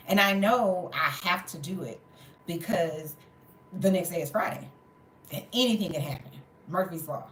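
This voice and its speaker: A woman's voice: fairly low pitch, moderate pace, a little hiss or hum. A woman, tired and in pain, telling an exasperated story in casual chat, with some swearing. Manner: animated, exasperated retelling with swearing. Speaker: storytelling vlogger. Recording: roomy echo.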